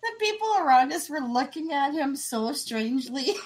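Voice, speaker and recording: A woman's voice: high-pitched, expressive, normal speed. A woman in casual chat, amused and laughing often as she tells a story.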